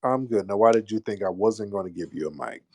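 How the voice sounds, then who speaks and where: A man's voice: fairly low pitch, a little fast, darkish tone, husky. A man hosting a live call-in room, bantering with callers in a crude, mocking, joking way.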